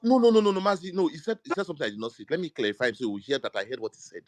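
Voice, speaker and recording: A man's voice: on the high side, big pitch swings, very fast, dry recording. A man with a Nigerian accent arguing heatedly in an online debate, accusing and scolding his opponent. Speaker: debate participant. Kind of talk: heated argument.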